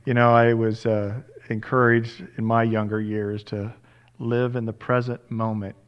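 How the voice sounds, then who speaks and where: A man's voice: fairly low pitch, flat delivery, a little slow, smooth, lo-fi sound. Pastor man leading a church service. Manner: encouraging, thanking each speaker. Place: church sanctuary.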